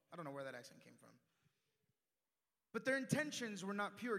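A young man preaching a sermon in a church, animated, swinging from loud emphatic lines to hushed asides. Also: high voice, a little fast. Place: church sanctuary. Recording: long church reverb.

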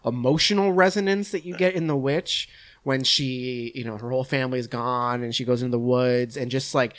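A man talking films in a loose, rambling way, full of fillers and offhand swearing. His voice sits at an ordinary middle pitch. It has an easygoing chat feel. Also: fairly quick, a bit bright. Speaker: podcast host discussing films. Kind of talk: casual chat.

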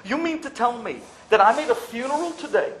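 A man playing a distraught grown son who is exasperated and bursts into shouts. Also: very high-pitched, lively intonation, a little fast, slight background noise, pitched above the performer's own voice. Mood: outraged. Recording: roomy echo with faint ambience.

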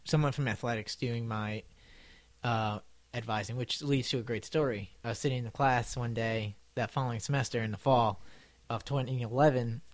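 A man's voice: medium pitch, steady tone, moderate pace, no room sound. Casual young man telling stories, dry sound. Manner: loose storytelling, swears freely, acts out quotes. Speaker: guest. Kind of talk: casual podcast chat.

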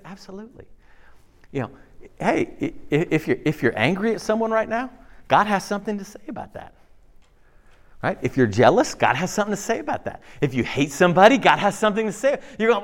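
A male pastor gives a sermon in a loose, talky way, full of rhetorical checks with the congregation. His voice sits a little high for a man and moves up and down in lively swings. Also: fairly quick. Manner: conversational, with frequent fillers and rhetorical checks; animated, swinging between loud emphasis and soft low asides. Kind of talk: casual sermon.

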